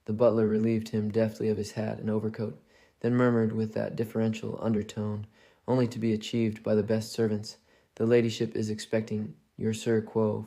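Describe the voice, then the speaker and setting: A man narrates a classic mystery tale in a low, dark voice with a gravelly edge. He reads quietly and evenly, barely moving in pitch, as if lulling a listener toward sleep. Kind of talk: calm storybook narration.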